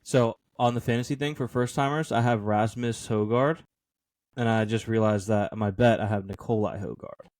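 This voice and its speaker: A man's voice: fairly low pitch, steady tone, normal speed, a little mellow, no room sound. A man co-hosting a casual sports podcast, joking and playful as he runs through his bets. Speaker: podcast co-host.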